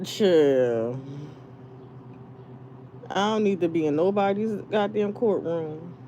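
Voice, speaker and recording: A woman talks unhurriedly to her viewers in a mellow, relaxed voice. She rambles, swears freely and laughs between thoughts. A faint hum sits behind her. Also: lowish voice, slow pace, dull audio. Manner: profane, laughing, rambling storytelling. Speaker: live streamer. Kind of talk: casual venting chat.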